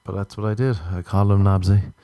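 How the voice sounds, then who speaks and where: A man's voice: lowish voice, fairly even intonation, fast, warm tone, no room sound. A young Irish man rambling through crude, jokey stories in a casual comedic monologue. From Ireland.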